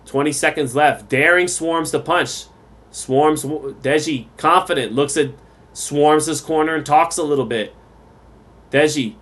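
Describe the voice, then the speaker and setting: A man giving round-by-round boxing commentary for a live stream, relaxed and chatty, reading viewer comments aloud. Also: on the high side.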